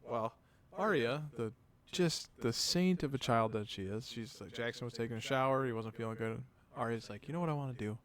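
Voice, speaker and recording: A man's voice: medium pitch, brisk, few pauses. A man in his thirties, a podcast co-host, telling a rambling, profane family story with acted-out dialogue in casual chat. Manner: rambling anecdotes with acted-out dialogue, swears freely.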